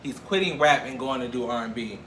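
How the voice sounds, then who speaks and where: A man's voice: medium pitch, a little fast, a little hiss or hum. A man hosting a casual gossip show, joking, swearing and acting out what people said. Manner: animated, jokey, profane, acts out quoted lines. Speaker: show host. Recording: echoey room with faint ambience.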